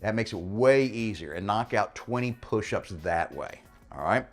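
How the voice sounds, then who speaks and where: A man's voice: fairly low pitch, expressive, moderate pace, soft background music. A man coaching a bodyweight workout, explaining in a casual, encouraging way and often checking in with "all right?". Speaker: fitness coach. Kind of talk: workout instruction.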